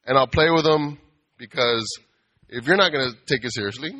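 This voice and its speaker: A man's voice: mid-range voice, brisk, highs cut off. A man giving a casual, humorous talk like a sermon, asking the audience for amens and acting out everyday exchanges. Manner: animated, asks the audience for amens, acts out bar customers. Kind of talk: conversational preaching with humor.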